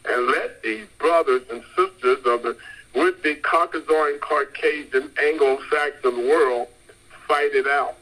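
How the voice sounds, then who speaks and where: A man's voice: medium pitch, vocal fry, a bit bright, low-quality recording. A man delivering a rambling, emphatic sermon and repeating his points insistently. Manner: emphatic, repetitive, insistent preaching. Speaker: preacher. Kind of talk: street-style sermon.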